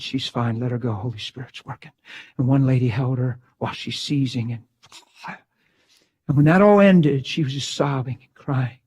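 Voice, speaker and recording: A middle-aged man with a mid-range, slightly breathy voice preaches a sermon, telling a story that swings dramatically from hushed tones to loud outbursts.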